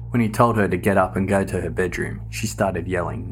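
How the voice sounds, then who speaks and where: Deep-voiced man narrating true crime. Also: a little fast, hardly any pauses. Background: faint background music.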